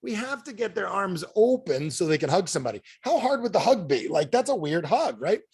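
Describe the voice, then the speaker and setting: A man's voice: high-pitched, very animated, fairly quick, a little mellow, slightly rough, dry recording. A man giving a motivational talk on a video call, telling stories and firing frequent questions at his audience. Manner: storytelling, peppered with audience questions. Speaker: sales trainer.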